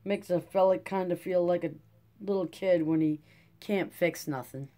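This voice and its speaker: Audiobook: reader as folksy, rambling old farmer, mellow tone. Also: medium pitch, steady tone, moderate pace, natural voice. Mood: hopeful. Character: weary old Dust Bowl farmer, talkative man. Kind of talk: audiobook character reading.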